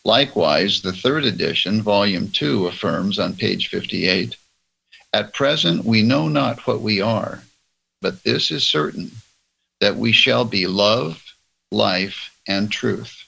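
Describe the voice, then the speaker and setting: A man leading a church roundtable, reading religious passages aloud in a slow, measured way. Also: on the low side, animated, gravelly, pushed and bright, slightly rough, poor audio. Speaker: church discussion leader. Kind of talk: reading and discussing religious texts.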